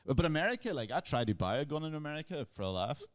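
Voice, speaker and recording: A man, a guest comedian telling quick, animated anecdotes in casual chat and laughing often. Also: fairly high pitch, no echo. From Northern Ireland border area.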